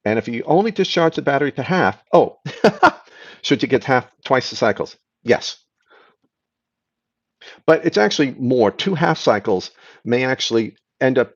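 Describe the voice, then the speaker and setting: Guy doing a live stream q&a, medium voice, kinda muffled lo-fi sound. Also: mid-range voice. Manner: explains patiently, answers chat questions, trails off and restarts.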